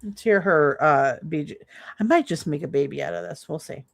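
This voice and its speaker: A woman's voice: low voice, animated, fairly quick, vocal fry, dry recording, clean studio sound. A woman streamer reacting to clips in casual commentary, laughing, mocking and swearing freely.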